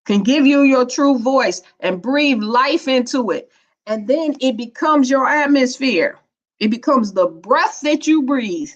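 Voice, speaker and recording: A woman's voice: high-pitched, animated, a little slow. A woman, giving a spiritual teaching talk in a playful, preachy, colloquial way. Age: 50s. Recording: dull lo-fi recording.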